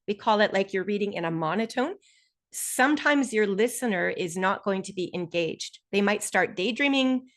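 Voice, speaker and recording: Woman teaching a live online lesson. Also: mid-range voice. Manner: encouraging, explains step by step. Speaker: test prep instructor. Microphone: video call.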